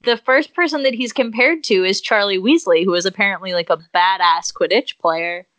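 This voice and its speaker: A woman's voice: medium pitch, moderate pace, a bit bright, no room sound. A woman co-hosting a podcast, talking enthusiastically and swearing casually. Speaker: podcast co-host. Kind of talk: casual chat.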